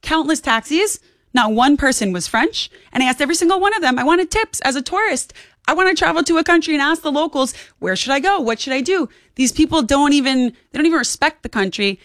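A woman's voice: high-pitched, animated, fast talker, fairly bright tone, no echo, studio quality. A woman in her twenties, a guest on a talk radio interview, making emphatic, insistent points that she repeats for punch. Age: 20s. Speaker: political commentator guest.

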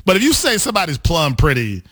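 A man with a fairly high voice talks in a casual, playful way, teasing his co-host and laughing often. His pitch moves a lot, and the sound is dry and close. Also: wildly swooping pitch, fast talker, fairly bright tone, no echo, soft background music. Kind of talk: casual chat.

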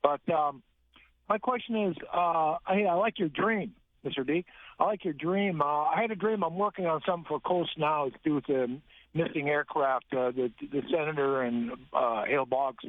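A man from Alberta, an Air Force veteran calling in to a radio show, talking haltingly with many fillers. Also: a little high, no echo. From Alberta, Canada. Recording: tinny phone line, dry.

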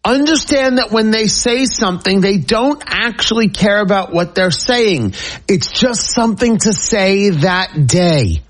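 Male talk show host, high and very animated delivery, punchy political commentary. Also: a little slow. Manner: emphatic, animated, repetitive phrasing.

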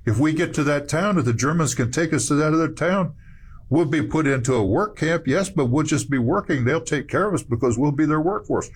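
A man's voice: fairly high pitch, expressive, brisk, slightly rough, voice pushed up. A man putting on a frantic, disbelieving old rabbi. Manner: pleading, rising into anguished cries.

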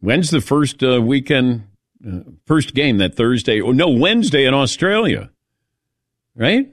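A man's voice: medium pitch, big pitch swings, measured pace, dry recording, clean studio sound. A man hosting a talk show, bantering casually with his crew and calling on them by name, often laughing.

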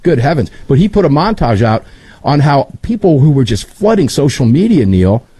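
A man hosting a talk radio show from his studio, energetic and chummy. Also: a little high, moderate pace, breathy edge, no room sound. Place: home studio.

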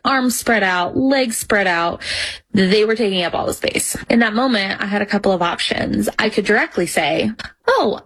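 Earnest, assertive woman, husky voice, personal-story delivery. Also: medium pitch, a bit bright, rough recording. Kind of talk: personal story told to camera.

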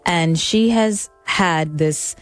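A woman in her thirties co-hosting a radio show, telling a family story in a chatty, animated way. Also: on the low side, drawn-out words, soft background music. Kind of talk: morning radio chat.

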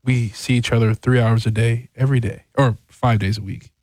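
A man's voice: mid-range voice, fairly even intonation, a little fast, a little mellow, no room sound. A man co-hosting a radio show, joking in a laid-back way. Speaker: radio co-host. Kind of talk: casual talk radio banter.

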